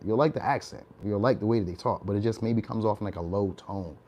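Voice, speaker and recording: A man's voice: lowish voice, fast talker, darkish tone. A young man giving a casual, chatty tarot reading. He laughs often and keeps tagging his lines with "all right?". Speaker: tarot reader.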